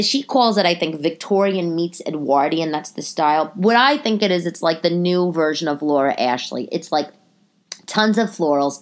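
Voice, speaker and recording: A woman in her forties, stuffy-nosed, chatting to listeners from her living room in a slightly low voice. She rambles through tangents and corrects herself as she goes, then jumps up in pitch whenever she wants to make a point. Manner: animated, pitch jumping up for emphasis. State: stuffy nose. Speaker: podcast host and stand-up comedian. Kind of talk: casual monologue to listeners.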